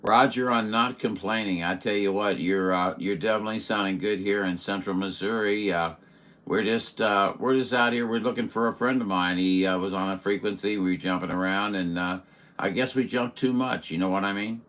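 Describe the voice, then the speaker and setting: Lowish voiced guy rambling away on his cb rig, lots of uhs. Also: steady tone, fairly quick, a bit bright. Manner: chatty and rambling, many fillers and restarts, friendly radio jargon. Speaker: CB radio operator and show host. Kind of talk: casual radio chat.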